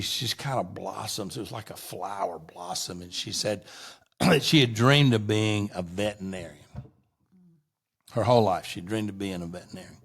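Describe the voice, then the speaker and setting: A middle-aged man, a guest on an interview show, telling long rambling anecdotes in a casual way and often restarting his sentences. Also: fairly low pitch.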